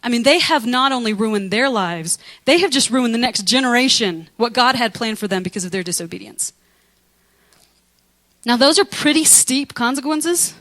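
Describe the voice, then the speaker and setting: A woman pastor preaching a lively, conversational sermon, acting out biblical figures with humor. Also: fairly high pitch, a little fast, few pauses, poor audio.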